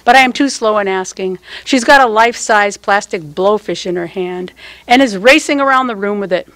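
An older woman reads her own prose poem at a standing microphone, taking her time over each phrase with a tender, measured touch. Her voice sits at an ordinary middle pitch, and the sound is close and dry, with almost no room around it. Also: fairly bright tone, dry recording. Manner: slow, measured, tender delivery. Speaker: poet. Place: public poetry reading.

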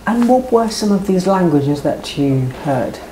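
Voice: mid-range voice, lively intonation, a little slow, warm tone. An interviewer asking polite, formally worded questions. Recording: echoey room with faint noise.

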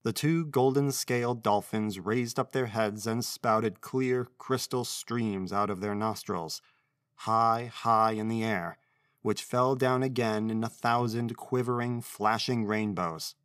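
A man narrating a classic children's story in a measured, expressive reading voice. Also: fairly low pitch, clear, resonant tone, no room sound, studio quality.

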